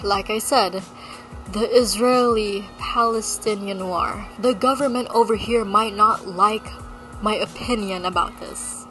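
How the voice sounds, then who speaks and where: A woman vlogger from the Philippines, with an American accent carrying a slight Malaysian tinge, rants bluntly and sarcastically in a casual talking-head vlog, swearing freely. Her medium-pitched voice is unhurried and a bit bright. Faint music plays behind her on a rough recording.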